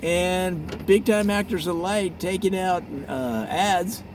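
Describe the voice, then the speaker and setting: A man hosting a mock tour in a parody travelogue, telling absurd tall tales in an animated storytelling manner. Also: high voice, slow, noisy background. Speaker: comedic tour host.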